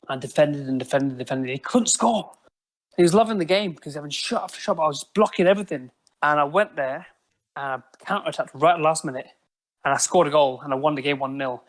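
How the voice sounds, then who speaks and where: A man telling animated stories on a podcast, swearing often. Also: a little high. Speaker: podcast guest. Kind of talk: casual chat.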